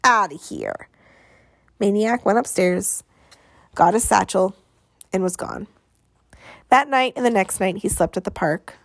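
A woman narrating an audiobook in a measured, expressive way, with dramatic pauses. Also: mid-range voice, vocal fry, no echo, clean studio sound.

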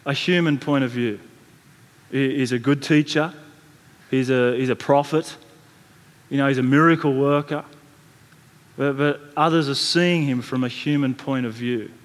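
A man's voice: medium pitch, fairly even intonation, moderate pace, long pauses. A man preaching a sermon, telling the story in a conversational way with frequent restarts and repeated words. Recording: long reverb from a large hall.

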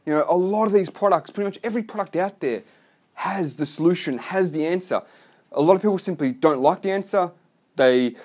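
A man's voice: high voice, a little mellow. A man delivering a blunt, profane, rambling rant to his online business followers. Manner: rambling with restarts. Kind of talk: ranting vlog monologue.

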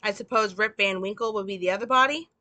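A woman's voice: medium pitch, fast, sharp tone, dry recording, close to an everyday voice. A woman reading the lines of a sarcastic, hard-bitten male police detective from a script in a dry, mocking way.

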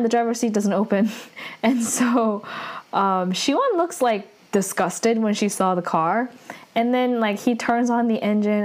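A woman's voice: mid-range voice, a little mellow. Chatty young woman recapping a drama. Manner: chatty, filler-heavy with frequent "like", laughs between lines. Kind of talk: casual episode recap.

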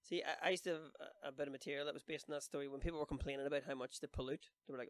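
A man, a comedian, cracking quick sardonic jokes in a casual chat. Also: on the high side, steady tone, no room sound.

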